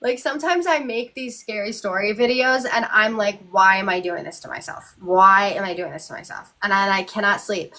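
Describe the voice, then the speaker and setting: A woman's voice: medium pitch, bright, forceful tone. Young woman host, chatty storyteller, filler-heavy casual talk. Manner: chatty, lots of likes and ums, restarts. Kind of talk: casual live chat, storytelling.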